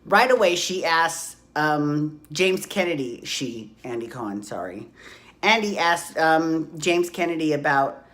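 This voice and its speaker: A woman in her forties recapping reality TV in a gossipy, profane, excitable way, recorded on a phone at home. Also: deep voice, measured pace. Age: 40s. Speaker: podcast host. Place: hot room at home.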